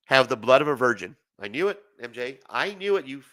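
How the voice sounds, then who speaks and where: A man's voice: medium pitch, big pitch swings, brisk, few pauses, a bit bright. Brash, profane man ranting late at night. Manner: profane, rambling, laughs often. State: voice failing, tired. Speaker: livestream host. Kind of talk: late-night livestream rant.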